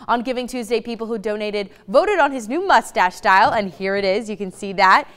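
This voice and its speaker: A woman's voice: mid-range voice, brisk, fairly bright tone. A woman anchoring a morning news show, chatty and upbeat between stories. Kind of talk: morning news, casual chat.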